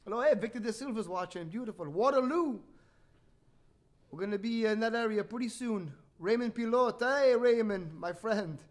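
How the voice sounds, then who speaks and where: A man's voice: high voice, normal speed. A man, hosting a playful bedtime story livestream with jokey, teasing asides. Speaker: host reading a bedtime story. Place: home livestream.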